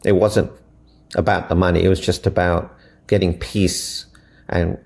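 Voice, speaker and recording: African-born guy, real low gravelly voice, earnest motivational storyteller on a podcast. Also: darkish tone. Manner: earnest, inspirational, retells dialogue. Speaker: relationship mentor. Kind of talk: storytelling interview answers.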